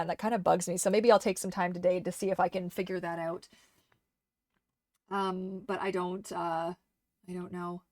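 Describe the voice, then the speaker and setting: A woman's voice: medium pitch, dry recording, clean studio sound. A woman live streaming from her desk, chatting casually and rambling with many restarts, her voice slightly worn. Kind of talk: casual livestream chat. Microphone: desk microphone.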